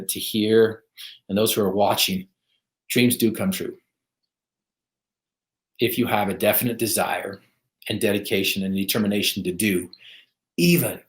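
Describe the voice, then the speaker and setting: A man guest telling a personal story in an earnest, emphatic way. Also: on the low side. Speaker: podcast guest. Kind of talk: motivational storytelling. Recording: roomy echo.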